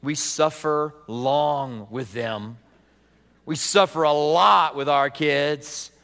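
Male pastor, slightly higher voice, dynamic sermon delivery with hushed asides, long hall reverb. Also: slow pace, gravelly. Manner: dynamic preaching, swings from loud emphasis to soft, hushed lines.

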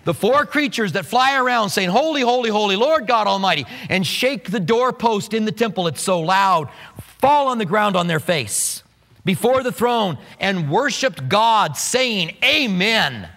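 A man preaching a sermon, animated and playful, acting out quotes with humor. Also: sits high, measured pace, creaky, long reverb tail. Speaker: pastor.

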